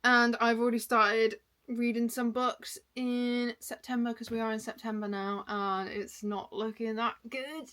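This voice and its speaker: A woman's voice: on the high side, little pitch movement, a bit bright. A young woman, a full-time content creator, chatting casually and enthusiastically about the books she read. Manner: chatty and enthusiastic, with quick asides. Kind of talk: casual book wrap-up chat.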